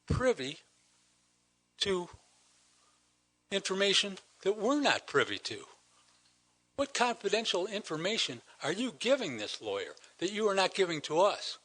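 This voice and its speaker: A man's voice: fairly high pitch, pushed and bright. Indignant older man addressing council. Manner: indignant, emphatic, rhetorical questions. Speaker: citizen delegate at council meeting. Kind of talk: public comment speech.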